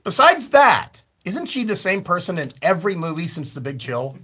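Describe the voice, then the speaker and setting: High-voiced animated male radio host. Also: normal speed, husky. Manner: animated, rambling, stammers and repeats words. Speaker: radio talk show host. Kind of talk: casual radio talk.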